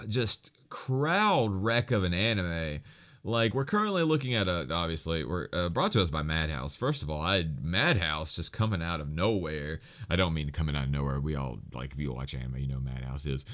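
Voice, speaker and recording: A man hosting a podcast, giving a casual solo review in a rambling, self-mocking, enthusiastic way. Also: deep voice. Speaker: podcast host reviewing anime.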